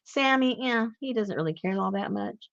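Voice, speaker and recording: A woman's voice: medium pitch, lively intonation, normal speed, gravelly, no room sound, muffled recording. A woman hosting a casual crafting chat, rambling and laughing easily as she works. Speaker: crafting channel host.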